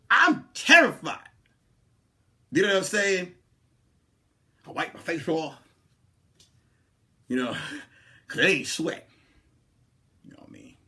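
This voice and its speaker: A man hosting a comedy podcast, telling a story in a casual, animated way and swinging from hushed asides to loud, laughing outbursts. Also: fairly high pitch, takes it slowly, long pauses. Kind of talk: comic storytelling.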